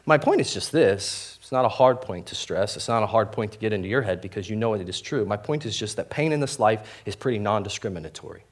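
A man's voice: fairly low pitch, animated, fast talker, hardly any pauses. A young man preaching a sermon as pastor, candid and self-deprecating, talking casually with many fillers and restarts. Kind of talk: conversational sermon.

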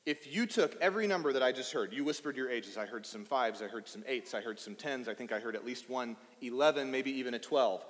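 A man's voice: mid-range voice, a little fast, hardly any pauses. A man in his thirties from East Texas, preaching a casual, playful sermon and talking with the children in the congregation. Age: 30s. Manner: playful and chatty, addressing children. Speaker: pastor. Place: church sanctuary. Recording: reverberant hall.

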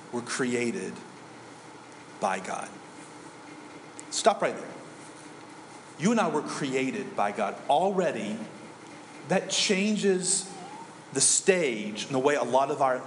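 Preaching in an echoey church hall, a pastor in his thirties speaks slowly and expressively at a medium pitch, pausing often. His sermon feels conversational, full of questions for the listeners, with a slight hiss or hum audible.

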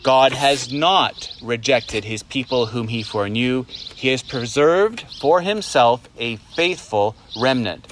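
A man's voice: mid-range voice, slow pace, hardly any pauses, a bit bright, a little hiss or hum. A middle-aged man preaching an expository sermon, emphatic, often asking rhetorical questions and dramatizing the text. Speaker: pastor.

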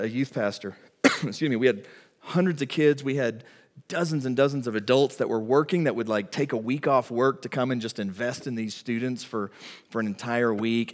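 A middle-aged man preaching a sermon as pastor, telling stories in an animated, emphatic way. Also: medium pitch, big-room sound.

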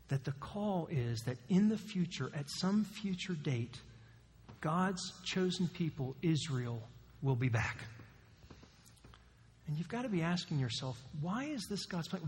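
A male pastor preaching a sermon, animated, with emphatic questions to the congregation. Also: a little high, slow. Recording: long hall reverb.

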